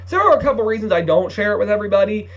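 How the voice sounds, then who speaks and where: A man's voice: high voice, expressive, very fast, muffled recording. A young man in his late teens from Ohio, chatting casually on his couponing vlog, sleepy and rambling with lots of fillers and restarts. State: sleepy, yawning. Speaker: couponing YouTuber.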